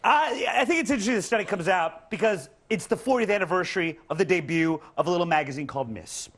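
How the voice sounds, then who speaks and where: A man's voice: sits high, animated, fast talker, a bit bright. A man guest on a late-night panel, making wisecracking, mocking remarks in a TV studio. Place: television studio.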